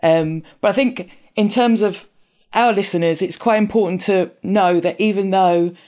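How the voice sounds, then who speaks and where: A woman from southeast London with a London accent polished toward received pronunciation, speaking with careful, clear enunciation as a podcast guest. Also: medium pitch, normal speed, mellow. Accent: London, leaning toward received pronunciation. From southeast London, England. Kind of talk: careful interview talk.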